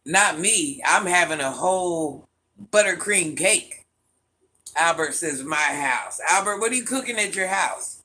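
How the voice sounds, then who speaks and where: A man's voice: on the high side, expressive, measured pace, sharp tone. A man with a mixed country accent chatting playfully on a live stream, answering viewers' comments. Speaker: livestream host reading chat. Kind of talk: casual live-stream chat.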